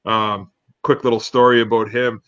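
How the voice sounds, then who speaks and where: On dull, dry lo-fi audio, a man with a lowish, clean, slightly bright voice speaks at a moderate pace with little pitch movement. He co-hosts a sports talk show, chatting casually and spinning rambling, filler-heavy stories.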